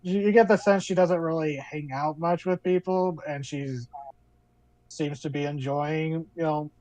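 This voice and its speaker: A man's voice: a little high, a little slow, darkish tone, dry recording, rough recording. Man running a tabletop game, loose rambling narration, dry sound. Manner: rambling, filler-heavy. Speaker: game master.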